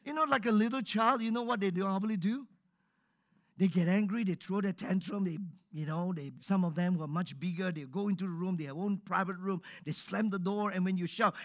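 Male preacher, high voice, sermon in church, lively, asks the congregation questions. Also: fairly quick. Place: church before a live congregation.

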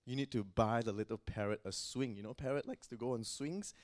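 Man doing a soft-spoken, apologetic shopkeeper in a spoken joke. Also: mid-range voice, brisk, lightly acted. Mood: placating. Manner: soothing, explaining. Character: apologetic male pet shop owner.

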